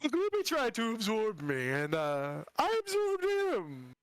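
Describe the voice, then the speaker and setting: A man playing a smug high-voiced lich. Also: wildly swooping pitch, takes it slowly, exaggerated voice. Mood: smug gloating. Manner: theatrical, smug, sing-song. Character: gloating male lich villain, oddly high after absorbing a slime.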